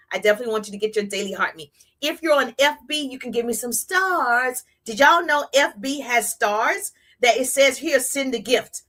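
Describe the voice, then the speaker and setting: A woman giving an energetic, repetitive live-stream coaching talk on social media business, chatting with her viewers. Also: high voice. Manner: energetic, repetitive, playful hype.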